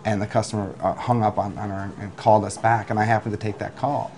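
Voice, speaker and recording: A man who runs a delivery business, telling lively work anecdotes in an interview, with restarts and acted-out quotes. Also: fairly low pitch, fast. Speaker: food delivery business owner. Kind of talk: interview storytelling.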